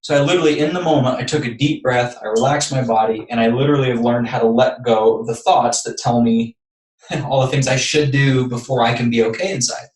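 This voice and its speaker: A man's voice: mid-range voice, steady tone, brisk, recorded from a distance. A man from Texas, a podcast guest, earnestly telling a personal story step by step. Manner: earnest, building up anecdotes step by step. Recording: echoey room, voice off-mic.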